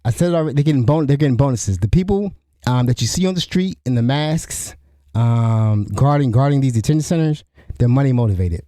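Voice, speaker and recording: Solo podcast host, middle-aged man, very mellow tone, rambling conversational delivery. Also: medium pitch, expressive, fairly quick, no echo, clean studio sound. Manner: rambling, restarts often, asks "you know what I'm saying?". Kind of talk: solo commentary.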